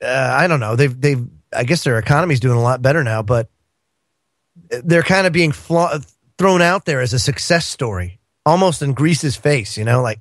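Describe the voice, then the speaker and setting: A man's voice: mid-range voice, expressive, normal speed, no room sound, clean studio sound. A man appearing as a guest on a radio talk show, chatting casually about politics in a rambling way, with lots of fillers and chuckles.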